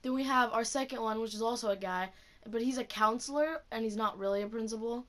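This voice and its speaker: A woman's voice: fairly high pitch, fast, a bit bright. A teenage woman telling a school story in a casual, profane vlog rant, full of "like". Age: teens. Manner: casual, profane, heavy use of "like". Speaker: student.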